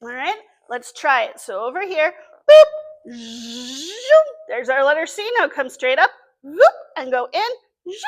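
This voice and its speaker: A woman's voice: high-pitched, expressive, normal speed, fairly bright tone. A woman with a Southern US accent leading a children's story time as librarian, with an encouraging sing-song teacher voice.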